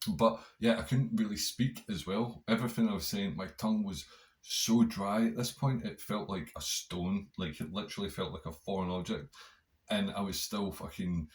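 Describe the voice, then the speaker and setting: A man's voice: lowish voice, moderate pace. A man hosting a podcast, telling a rambling story in a casual monologue, swearing constantly. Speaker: podcast host.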